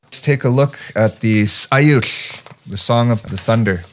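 A man teaching the words of a traditional song, explaining their meaning and then saying each word slowly for learners to repeat. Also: mid-range voice.

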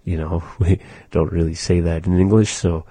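Man, language teacher, deep dark husky voice, slow and measured, dry close sound. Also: flat delivery, no room sound. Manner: slow and measured, with many filler "uh"s. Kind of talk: language lesson.

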